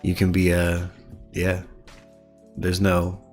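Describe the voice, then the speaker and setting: A man's voice: sits low, completely flat delivery, slow pace, faint music behind. A man co-hosting a live news stream in casual chat, loose and profane, laughing often. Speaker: podcast co-host.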